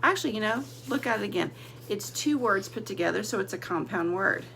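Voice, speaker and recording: A woman teacher giving a slow, deliberate vocabulary lesson to young children, sounding out words letter by letter and sometimes dropping to a whisper. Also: mid-range voice, expressive, gravelly, fairly bright tone, a little hiss or hum.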